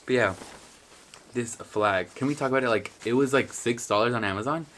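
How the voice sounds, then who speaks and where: A man's voice: mid-range voice, brisk, background noise. A young man from a Mexican family who grew up in the US, chatting casually in a vlog in his bedroom, rambling, swearing and mocking himself. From Mexican heritage, raised in the US. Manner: profane, self-mocking, rambling with bursts of laughter. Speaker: vlogger. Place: bedroom at home.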